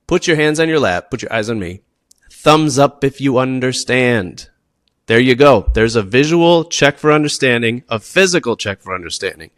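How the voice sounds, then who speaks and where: A man's voice: mid-range voice, moderate pace, no room sound. Pe teacher guy explaining tips, emphatic, keeps saying okay, dead dry mic. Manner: emphatic, checks in with frequent "okay?"; animated, acts out students and teachers.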